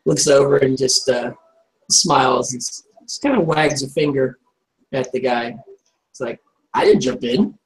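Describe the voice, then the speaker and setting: A man's voice: mid-range voice, fairly even intonation, a little slow, low-quality recording. A man narrating a tabletop game in a rambling, casual way with many fillers.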